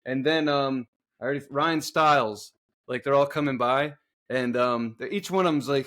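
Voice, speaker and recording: A man co-hosting a podcast, telling a workplace story in casual, profane chat and acting out the people in it loudly. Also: mid-range voice, moderate pace. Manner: swearing storyteller, loud animated reenactments. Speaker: podcast co-host.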